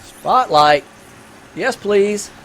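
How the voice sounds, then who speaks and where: High-voiced man rambling through gameplay. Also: lively intonation, extremely slow, a bit bright, soft background music. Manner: rambling and enthusiastic, full of fillers. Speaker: gaming channel host. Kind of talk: casual let's-play commentary with movie review.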